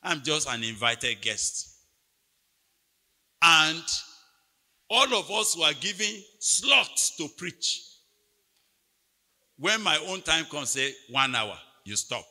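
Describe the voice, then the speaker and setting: A man preaching a sermon at a retreat, telling a story with big swings between quiet asides and loud, near-shouted peaks. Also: on the high side, sing-song, takes it slowly, pauses often. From Nigeria. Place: large hall at a retreat. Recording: long hall reverb from a church PA.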